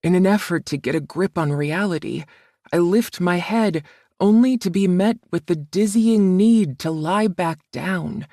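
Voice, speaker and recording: A woman narrating a romance audiobook in the first person, with a soft, measured, emotional reading. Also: on the low side, no echo, clean studio sound.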